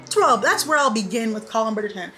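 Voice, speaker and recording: Bright, animated young woman recapping TV. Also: a little high, fast, faint music behind, poor audio. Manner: animated, repeats lines for emphasis, laughs often. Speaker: beauty vlogger. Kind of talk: casual chatty TV recap.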